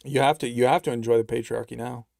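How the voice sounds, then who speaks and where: A man hosting a livestream, talking in a sarcastic, rambling way and reading out messages from his chat, with stretches of mock-anxious rapid-fire questions. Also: medium pitch, steady tone, vocal fry, a little mellow, no room sound, studio quality. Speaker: livestream host.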